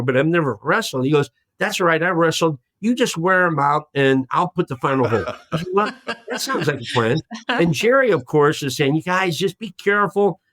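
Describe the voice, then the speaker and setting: A man in his sixties, a podcast guest telling a long story in a lively way and acting out the voices of the people in it. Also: a little high, no room sound. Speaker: guest, former hostage.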